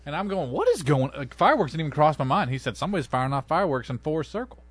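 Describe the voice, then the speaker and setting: Man, thirties, sports radio co-host, lively swinging pitch, dry close studio sound, animated storyteller. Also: rapid-fire, no room sound. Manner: animated storyteller, acts out quotes. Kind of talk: casual sports talk.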